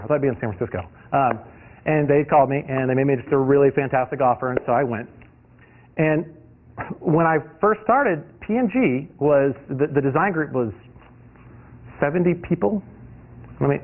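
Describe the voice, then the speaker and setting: A man from the US East Coast gives a guest lecture built on personal stories. He talks at a quick clip and often restarts his sentences. The recording sounds tinny and lo-fi, like it came through a phone. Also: medium pitch. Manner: lively, anecdotal storytelling with frequent restarts. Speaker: guest lecturer, industrial designer.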